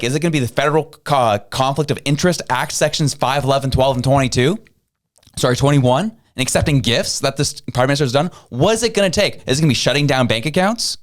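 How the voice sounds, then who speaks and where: Fired-up fast-talking man. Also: mid-range voice. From Canada. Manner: rapid, indignant, repeating rhetorical questions. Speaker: podcast co-host. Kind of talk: heated political commentary.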